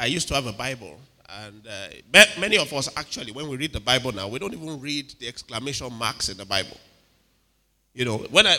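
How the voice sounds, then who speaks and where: Animated male preacher in a reverberant hall. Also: fairly high pitch. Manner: animated, dramatic, acts out quotes, asks the crowd "are you with me". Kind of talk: sermon.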